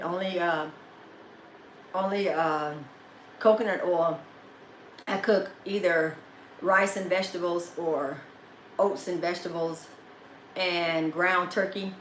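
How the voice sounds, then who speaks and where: A woman's voice: mid-range voice, slight background noise. A woman, chatting casually on a home livestream, laughing often and cooing at her dog. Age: 50s. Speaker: vlogger hosting a live chat. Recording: echoey room with faint ambience.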